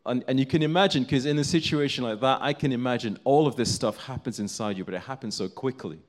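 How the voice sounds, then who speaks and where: A man's voice: mid-range voice, fast talker. A man preaching a sermon, telling a story in an earnest, building way.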